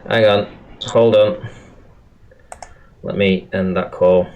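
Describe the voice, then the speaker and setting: A man's voice: low-pitched, fairly even intonation, slow pace, narrow, tinny audio. A man hosting a casual livestream, swearing often and hesitating with many fillers. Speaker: livestream host.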